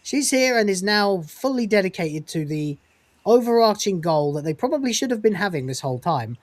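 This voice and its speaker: A man's voice: sits high, big pitch swings, brisk, no room sound. Swearing man recapping a show, dry sound. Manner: crude and swearing, laughs while retelling scenes. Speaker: podcast host reviewing a TV episode. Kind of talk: casual recap chat.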